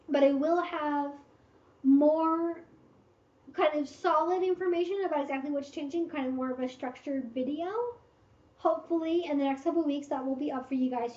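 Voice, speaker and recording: A woman's voice: sits high, darkish tone. A woman hosting a casual livestream Q&A, giving frank, direct advice with lots of fillers. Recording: roomy, slightly dull stream audio.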